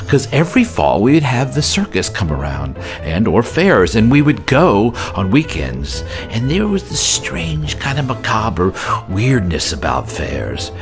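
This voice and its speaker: Animated man hosting a story podcast. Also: lowish voice. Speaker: podcast host. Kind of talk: casual story podcast introduction. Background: music.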